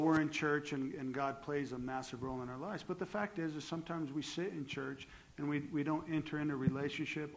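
A male pastor in a church, asking a panel of long-married couples a question in a halting, thoughtful way. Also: on the high side, rough recording. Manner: halting, repeating words, thoughtful. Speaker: pastor, interviewer. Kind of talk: leading a church panel interview.

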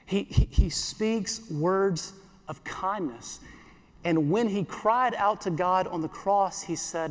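A pastor giving an earnest sermon in church, repeating phrases and slowing down for scripture. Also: male voice, sits high, big-room sound.

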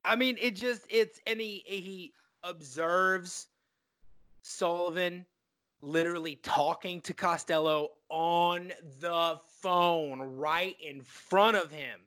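High-voiced excitable man talking movies. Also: takes it slowly. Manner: excitable, profane, lots of fillers and restarts. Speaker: podcast co-host. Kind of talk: casual film discussion.

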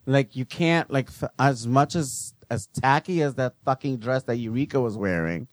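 A man co-hosting a casual chat, blunt and profane and quick to get excited. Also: mid-range voice, dry recording. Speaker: podcast co-host.

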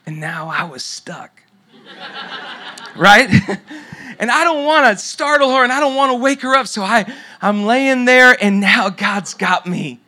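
Bright-voiced man preaching a story. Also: very high-pitched, animated, takes it slowly. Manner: storytelling, drops to near-whisper at tender moments. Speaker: pastor. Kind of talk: sermon.

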